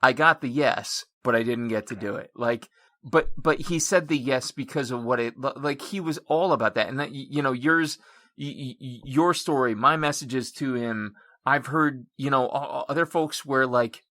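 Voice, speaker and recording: A man's voice: medium pitch, normal speed, sharp tone, dry recording, clean studio sound. A man hosting a podcast, chatting casually with a guest and drifting into rambling stories. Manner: rambling, self-correcting storyteller. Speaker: podcast host. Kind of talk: casual interview chat.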